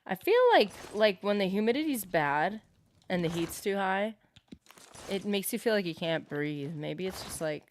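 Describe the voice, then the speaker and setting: A woman livestreaming a game talks with her viewers in a loose, rambling way. Her voice sits at an ordinary middle pitch. She fills pauses with plenty of fillers and reads out the chat's comments as she goes. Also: a little hiss or hum. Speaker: streamer playing a game. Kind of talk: casual livestream chat.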